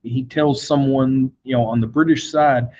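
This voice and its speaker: A man's voice: medium pitch, fairly even intonation, normal speed, dark tone, dull audio, a little hiss or hum. A man teaching a history lesson in a conversational classroom style, with frequent fillers. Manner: conversational, with fillers and brief acted quotes. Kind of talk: classroom lecture.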